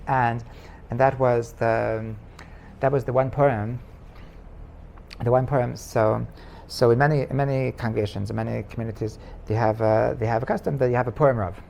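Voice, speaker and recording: Rabbi guy with a gravelly voice telling a story in class, stops and restarts a lot, faint hiss behind. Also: medium pitch. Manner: halting, many restarts, animated when telling the story. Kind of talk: casual storytelling lesson.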